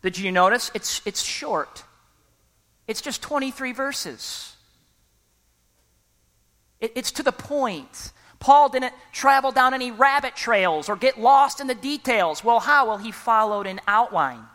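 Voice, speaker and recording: A preacher giving an emphatic sermon who often pauses for the congregation to fill in a word and keeps urging people to listen. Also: mid-range voice, lively intonation, a bit bright, big-room sound. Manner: repeatedly urges listeners to listen.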